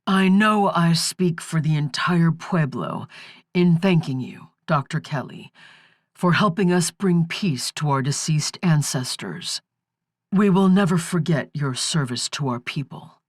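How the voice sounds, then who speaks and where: A woman voicing a dignified male governor who speaks in a measured, formal way. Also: low voice, no room sound, studio quality. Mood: solemn. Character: dignified male tribal governor, grave and courteous.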